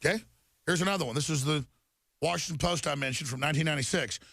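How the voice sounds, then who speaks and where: Creaky heated male talk show host. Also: on the high side, fast talker, bright, forceful tone, no echo. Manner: heated, repetitive, addresses viewers as folks. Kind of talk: conspiracy talk show monologue reading headlines.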